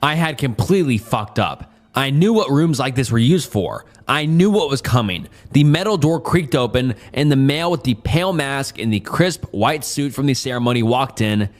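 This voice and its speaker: A man reading a first-person horror story aloud at a steady, quick pace. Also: medium pitch, soft background music. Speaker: story narrator.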